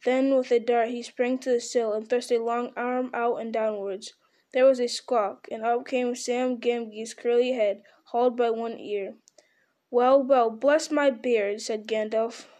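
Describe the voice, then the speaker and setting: Audiobook narrator, woman, higher voice, warm mellow tone, measured storytelling. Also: flat delivery.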